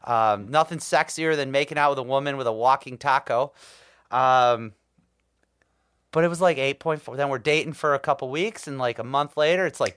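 A man's voice: mid-range voice, moderate pace, fairly bright tone, clean tone, no room sound, clean studio sound. Blunt, profane man telling stories. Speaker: podcast co-host. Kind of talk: casual chat.

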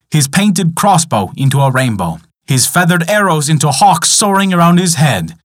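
A man narrating a folk tale in an expressive, dramatic storytelling style. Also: on the high side, no room sound, studio quality.

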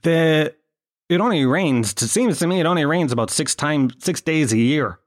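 Irish man, kerry accent, comic monologue, sarcastic, swears a lot, rambling, fairly high voice. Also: lively intonation, normal speed. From Tralee, Ireland. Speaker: comedic monologue host.

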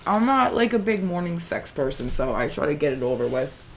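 A woman's voice: low voice, very animated, brisk, slight background noise. A woman co-hosting a podcast in casual chat, crude, blunt and joking. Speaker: podcast co-host.

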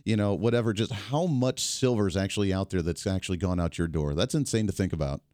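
A man's voice: low-pitched, darkish tone, no room sound. Dry-miked male talk radio host. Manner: conversational, quick station breaks and promo reads.

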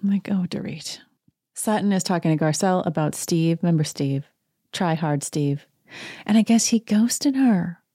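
A woman's voice: low-pitched, dark tone, no room sound, clean studio sound. A woman hosting a casual reality TV recap who talks in a sarcastic, gossipy, chatty way.

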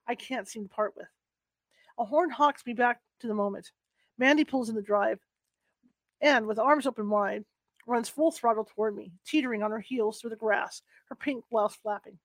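Female reader, higher register, soft unhurried delivery, dry close recording. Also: dry recording. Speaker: book reader. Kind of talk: first-person novel reading.

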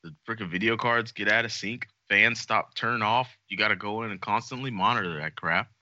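A low-voiced man chats on a podcast with lots of energy, joking, cussing and hamming up his points. His voice has a very bright, forward edge. The sound is dry and a little muffled. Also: fairly quick, dry recording. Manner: animated, jokey, swears freely. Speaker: podcast co-host. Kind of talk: casual podcast chat.

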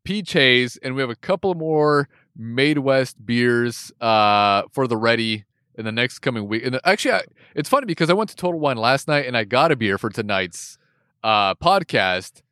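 A man's voice: mid-range voice, expressive, normal speed, bright, forceful tone, clean tone, no echo, studio quality. A man co-hosting a podcast in casual chat, easygoing and laughing a lot. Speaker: podcast co-host.

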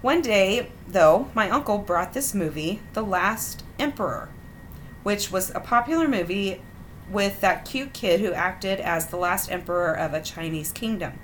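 A woman in her thirties, a podcast host, who reads stories aloud in a wry, animated way and laughs often. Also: mid-range voice, a little slow, slight background noise. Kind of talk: reading listener stories aloud with chat.

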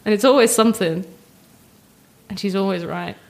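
A woman's voice: mid-range voice, moderate pace. Self-mocking young woman. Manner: self-mocking, animated, acts out quotes of others. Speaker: podcast guest. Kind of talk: casual chat.

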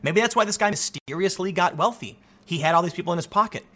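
A man talking through a casual commentary monologue, animated and often restarting his sentences. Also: high-pitched, fast. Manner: animated, repeats himself, many restarts. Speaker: commentary host.

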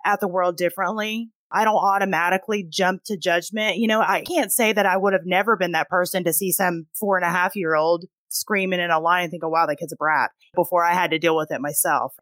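Thirties mom guest, earnest, kinda low voice. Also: female voice, steady tone, fairly quick, hardly any pauses, fairly bright tone, dry recording. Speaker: podcast guest, mother. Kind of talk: casual panel chat.

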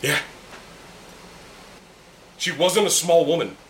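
This podcast host has a fairly high voice and takes his time speaking. Drinking beers with friends in a room, he keeps the casual chat blunt, heated, and heavily profane. The recording is echoey and roomy, with a faint hum in the background.

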